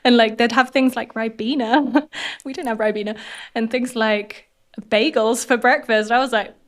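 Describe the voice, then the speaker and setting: A woman with a posh southern English accent, a podcast guest talking in an earnest, animated way. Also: fairly high pitch, moderate pace. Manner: earnest, animated, laughs often. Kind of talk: reflective interview conversation.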